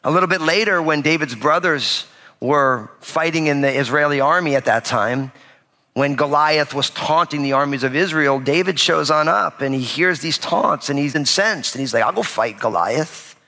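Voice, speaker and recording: A man preaching a sermon, his voice bright and forward, sitting a touch high for a man. He retells the old stories in loose, conversational words. The long reverb of a large church hall trails after each phrase. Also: moderate pace. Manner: casual storytelling preaching, retells scripture in everyday speech. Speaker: pastor. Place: church sanctuary with a live audience.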